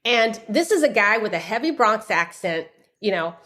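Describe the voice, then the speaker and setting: A woman from San Francisco, a guest author, telling her personal story in a podcast interview with lively delivery and frequent restarts. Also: medium pitch, normal speed. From United States (San Francisco). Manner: animated, acts out dialogue, frequent restarts.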